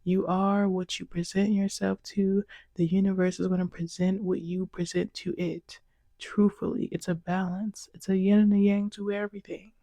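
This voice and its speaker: A woman's voice: mid-range voice, gravelly, dark tone, dry recording. A woman hosting her own vlog, talking to camera in a chatty, rambling way with lots of fillers. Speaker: vlog host. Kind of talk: casual monologue to camera.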